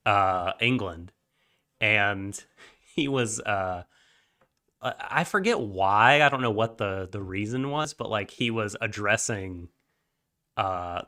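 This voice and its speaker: Low bright-voiced halting podcast man. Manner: halting, many ums and uhs, quick to laugh. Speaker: podcast co-host. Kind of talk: casual podcast chat.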